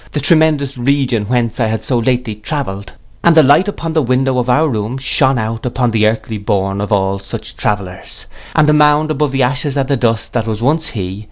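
A man reading a classic novel aloud in a measured, deliberate narration. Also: medium pitch. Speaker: audiobook reader.

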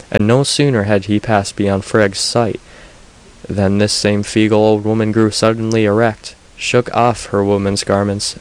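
A man narrating an audiobook of myths in a steady storytelling manner. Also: on the low side, poor audio.

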